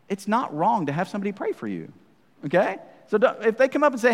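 A man's voice: sits high, very animated, fast talker, big-room sound. A man preaching a sermon as pastor, talking conversationally to the congregation and often checking in with "right?" asides.

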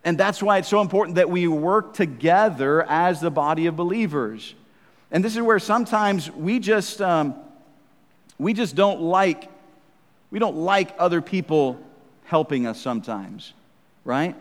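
A man preaching a sermon in a conversational, emphatic way, swinging between loud and soft. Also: fairly high pitch, expressive, a little slow, in a large hall.

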